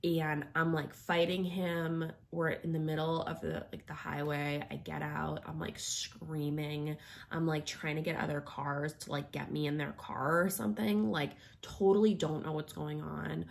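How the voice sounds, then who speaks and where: A young woman tells a personal story, rambling loosely and leaning on filler words at every turn. Her voice sits low and carries a gravelly fry. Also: steady tone, measured pace, a little hiss or hum. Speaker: vlogger.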